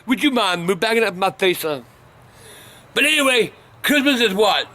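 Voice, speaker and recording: An older man telling profane stories that break into shouting rants. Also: high-pitched, expressive, normal speed. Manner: cursing constantly, bursts into shouting. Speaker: vlog host telling stories. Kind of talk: profane storytelling rant.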